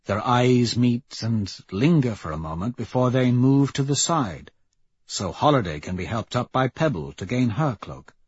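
Husky-voiced male audiobook narrator. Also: medium pitch, expressive, moderate pace, dry recording, highs cut off. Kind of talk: scripted first-person audiobook narration.

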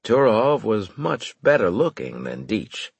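A man narrating a first-person audiobook with wry, lively storytelling. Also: lowish voice, unhurried, gravelly, husky, dry recording.

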